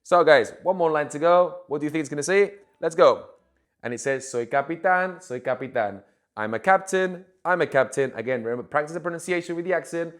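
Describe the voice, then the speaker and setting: A man gives a relaxed Spanish lesson, talking through the material in an easygoing, chatty way. He keeps checking in with his viewers. He slows down when he says examples for them to repeat. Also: fairly high pitch. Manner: chatty, repeats "okay, guys" often; slow, careful spoken examples for learners. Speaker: Spanish teacher. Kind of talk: casual language lesson.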